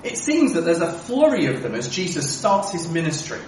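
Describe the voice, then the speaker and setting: A man delivers a sermon in an echoey church, recorded from some distance away. His pitch rises and falls a lot as he drives home each point with rhetorical questions. The voice sits a little higher than most men's, with faint room noise behind. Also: wildly swooping pitch, moderate pace, darkish tone. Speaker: preacher.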